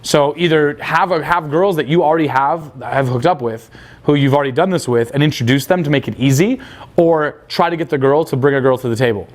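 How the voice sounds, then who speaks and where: A man's voice: fairly high pitch, a little fast. A young man coaching on dating, blunt and crude, acting out quoted dialogue. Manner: blunt, casual, crude slang. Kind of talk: coaching talk.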